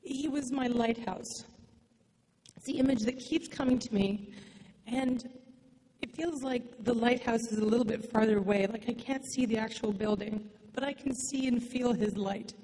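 A woman's voice: a little high, normal speed, mellow. A woman speaking at her father's memorial, near tears, dramatic and joking at her own expense. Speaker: daughter giving a eulogy. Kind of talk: memorial speech with self-mocking humor. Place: large hall with long reverb. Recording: echoey hall, faint room noise.

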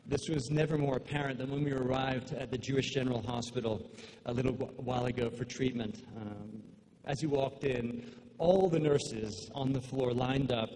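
A man speaking at his father's memorial, halting, with many fillers and restarts. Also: medium pitch, darkish tone. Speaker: son giving a eulogy. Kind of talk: memorial speech. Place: large hall with long reverb. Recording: echoey hall, faint room noise.

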